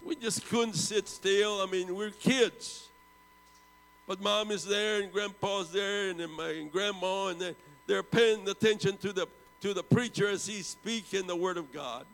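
A man in his seventies tells a story from the pulpit in a gravelly voice. He rises to loud bursts and sinks to hushed low tones, and a long hall echo trails each phrase. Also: a little slow. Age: 70s. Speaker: preacher. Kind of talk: storytelling sermon.

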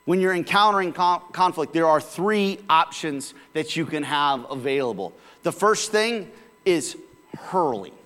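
A man's voice: a little high, expressive, measured pace, a bit bright, long reverb tail. A male pastor preaching a sermon in a casual, conversational way, with sudden bursts of volume.

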